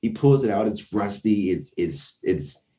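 A man casually telling a tense personal story, acting out his own quotes with lively shifts. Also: lowish voice, measured pace, distant mic.

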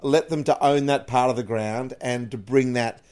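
A middle-aged Australian man chatting about cricket as a guest, an animated storyteller who jumps up into excited bursts. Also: mid-range voice, moderate pace. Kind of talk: casual cricket chat.

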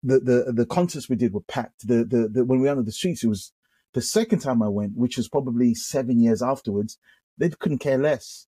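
A British man, a pastor, sharing his testimony in conversation, animated and full of quick restarts. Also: mid-range voice, breathy edge, no echo. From United Kingdom. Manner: animated storyteller with frequent restarts. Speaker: pastor, guest.

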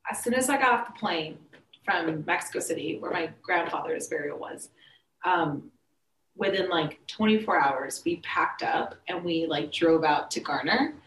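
A woman's voice: fairly low pitch, a bit bright, a little hiss or hum. A woman in casual chat, reacting with easy laughter and sharing her own story. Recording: echoey room, mic at a distance.

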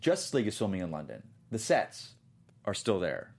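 A man's voice: low-pitched, wildly swooping pitch, a little fast, gravelly, darkish tone. A man chatting casually on a movie news panel, rambling and hedging with jokes. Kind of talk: casual chat.

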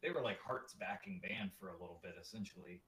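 A man's voice: low voice, fast talker, a bit bright. A man chatting as a guest, hesitant, with many restarts and fillers. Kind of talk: casual chat. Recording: roomy distant mic with faint noise.

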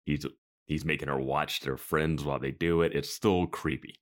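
A man's voice: very deep voice, steady tone, moderate pace. A man co-hosting a podcast, chatting casually and thinking aloud as he talks. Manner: conversational, thinks aloud with restarts. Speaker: podcast co-host. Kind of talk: casual chat.

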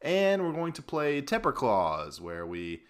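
A man hosting a casual sports podcast, reading sponsor spots and chatting with relaxed, easy banter. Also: medium pitch, measured pace. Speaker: podcast host.

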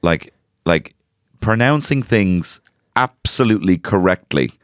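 A man's voice: low-pitched, measured pace, no echo, clean studio sound. Crude, joking Dublin man. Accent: Dublin Irish. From Ireland. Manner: crude, joking, animated storytelling. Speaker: podcast co-host. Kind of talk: casual comedic chat.

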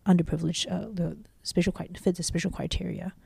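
Gravelly low-voiced woman, earnest. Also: level tone, fast, a little mellow, no room sound. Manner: earnest, repeats and restarts phrases. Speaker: startup CEO, interview guest. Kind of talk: casual interview answers.

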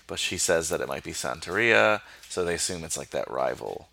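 A young man with a low yet bright voice recaps a movie plot. His pitch swings widely as he tells the story, and he breaks into laughter often. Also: a little fast, vocal fry, slight background noise. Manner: laughs a lot, lively storytelling. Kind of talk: casual chat recapping a film.

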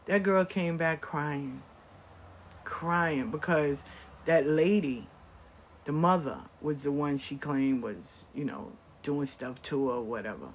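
A woman telling a story in a profane, animated way, with loud bursts that drop to low murmurs. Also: slow, slight background noise. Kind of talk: storytelling talk.

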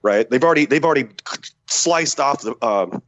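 A man, a former Special Forces soldier, telling a story as a podcast guest in a profane, animated way, acting out the dialogue. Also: medium pitch, normal speed. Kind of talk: casual war-story telling.

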